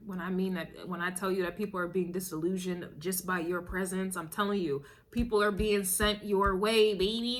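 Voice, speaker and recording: A woman's voice: mid-range voice, fairly even intonation, moderate pace, hardly any pauses, slight background noise. A woman doing a casual spiritual tarot reading, emphatic and repetitive, chuckling now and then and calling the listener baby. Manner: emphatic, repeats phrases, chuckles often, calls listener baby. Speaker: tarot and astrology reader.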